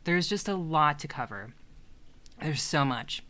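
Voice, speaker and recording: A livestream host with a low voice and lively intonation chats casually at an unhurried pace. Her talk is rambling and hesitant, full of restarts, and she coos softly when addressing her cat.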